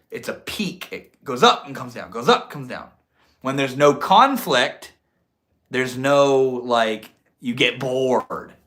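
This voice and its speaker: Man, young adult, livestream host, bright voice, reflective, drawn-out. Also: mid-range voice. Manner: reflective, drawn-out, swears casually. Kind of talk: casual livestream talk.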